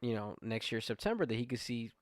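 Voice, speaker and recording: A man's voice: medium pitch, big pitch swings, quick pace, dry recording, studio quality. Profane, rambling male podcast co-host. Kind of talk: casual chat.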